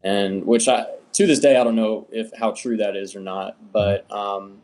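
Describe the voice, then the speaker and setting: A young man from the United States, an interview guest, telling his story in a relaxed, rambling way with many fillers. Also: fairly low pitch, normal speed. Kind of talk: casual storytelling.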